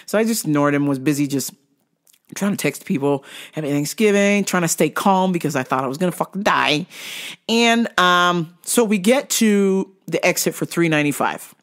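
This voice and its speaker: A woman's voice: lowish voice, lively intonation, normal speed. A woman host telling a story in a casual, profane way, laughing often. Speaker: podcast host.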